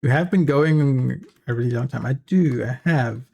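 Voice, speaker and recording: A man with a South African accent, a native Afrikaans speaker, chatting casually on a livestream and reading chat aloud. He talks in a rambling way with halting restarts and frequent chuckles, and he sounds tired after a long session. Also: medium pitch, gravelly, mellow, husky. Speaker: streamer.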